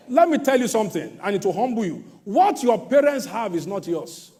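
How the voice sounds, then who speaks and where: A middle-aged man preaches a sermon in a high, lively voice that leaps all over its range. He breaks into sudden shouts, then drops low, and mockingly imitates the proud people he warns against. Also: brisk, few pauses. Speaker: pastor.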